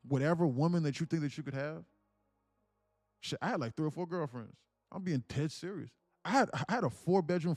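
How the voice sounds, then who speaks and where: A man's voice: medium pitch, a little mellow, no room sound. A young man telling an emotional story on a live stream, earnest and preachy, repeating himself, swearing casually and near tears. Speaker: day trading streamer.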